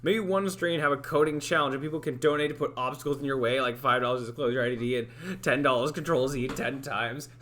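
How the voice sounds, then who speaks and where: This streamer is a young man with a mid-range, slightly bright voice who speaks a little fast with hardly any pauses. Wearing headphones at a desk mic, he chats casually on his livestream, rambling and hesitant, full of restarts and fillers.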